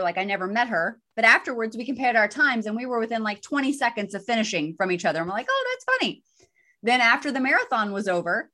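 A woman co-hosting a podcast, telling a personal story in casual chat with a lively, self-deprecating manner. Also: a little high. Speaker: podcast co-host.

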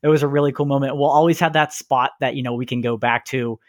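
A man co-hosting a podcast in casual chat over a video call, telling stories in a rambling, animated way. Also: mid-range voice, fast, no room sound, clean studio sound. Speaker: podcast co-host.

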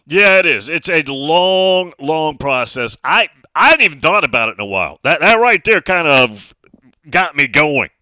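A male talk radio host with a slightly higher voice that rises and falls a lot as he chats. He talks at an easy, unhurried pace into a studio mic, reading listener messages in a sharp, bright tone. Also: sing-song, dry recording, low-quality recording. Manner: chatty, reads out listener messages. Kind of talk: casual sports talk radio.

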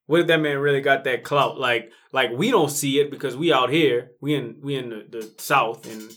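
Young man, mid-pitched voice, casual podcast chat, questioning, lots of restarts. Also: normal speed, fairly bright tone. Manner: questioning, thinks aloud with restarts.

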